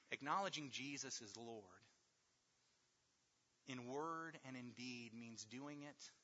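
Man, preacher, sermon, emphatic, repetitive build-ups, slow stressed words, dull lo-fi sound. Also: medium pitch, bright, forceful tone. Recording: long hall reverb, dull lo-fi sound.

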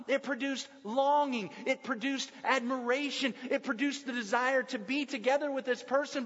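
A man preaching a sermon to a congregation. He is emphatic, building to loud passionate peaks and then dropping to hushed tones. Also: very high voice. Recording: dull lo-fi sound with long hall reverb.

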